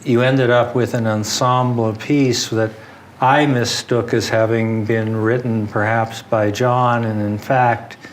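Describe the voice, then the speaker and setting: A man's voice: medium pitch, little pitch movement, slow pace, slight background noise. A man hosting a conversation, asking long, rambling questions with hesitant restarts. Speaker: interviewer, lawyer. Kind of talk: hosted conversation.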